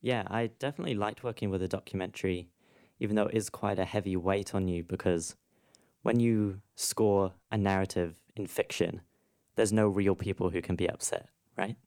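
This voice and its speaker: Male composer, interview guest, deep clear voice, reflective. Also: steady tone, moderate pace, darkish tone. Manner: thoughtful, explains at length. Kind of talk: interview conversation.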